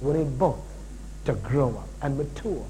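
Guy pastor preaching, jokey asides, big swoopy pitch, light hum in the back. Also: a little slow, rough recording. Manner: animated preaching with asides and jokes. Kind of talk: sermon.

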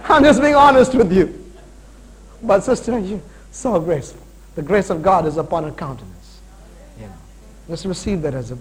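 A man in his forties preaching a sermon, animated, swinging between loud emphasis and quiet, slow points. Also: high voice, a little hiss or hum, rough recording. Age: 40s.

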